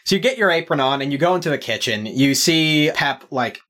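Low-voiced woman game master. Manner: relaxed, drawn-out narration. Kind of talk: narrating a tabletop game. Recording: faint music behind.

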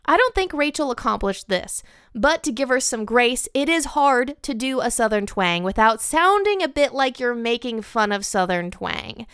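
A woman's voice: a little high, fairly bright tone, smooth, dry recording, clean studio sound. A woman hosting a podcast, giving a candid, opinionated film review with light laughs. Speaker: podcast host.

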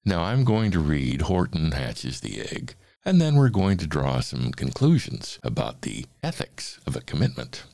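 A man hosting a talk who reads a children's book aloud in a measured, expressive way. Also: very deep voice, gravelly. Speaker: host and reader. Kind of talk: reading a picture book aloud.

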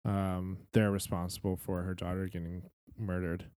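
Deep-voiced guy cohosting a fan podcast, laughs a lot, dry close mic. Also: level tone, moderate pace, a little mellow, smooth, no room sound. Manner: chatty, laughs often, swears casually. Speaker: podcast co-host. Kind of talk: casual fan podcast chat.

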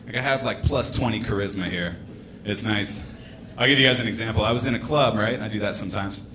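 A man's voice: on the low side, fast talker, noisy background. A man in his late twenties doing a rambling, laid-back stand-up set in a comedy club, with casual swearing. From United States. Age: late 20s.

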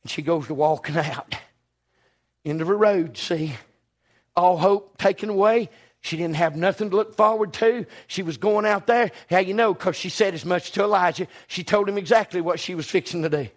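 A man preaching a storytelling sermon, folksy and emphatic, dropping to a hush and rising to a shout. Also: sits high, normal speed.

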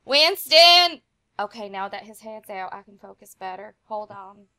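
A woman's voice: mid-range voice, flat delivery, normal speed, slight background noise, lightly acted. A woman voicing a flamboyant, big-haired psychic woman with a US Southern accent, fussing theatrically as she plays a tabletop character over a remote call. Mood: fussy. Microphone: remote call mic.

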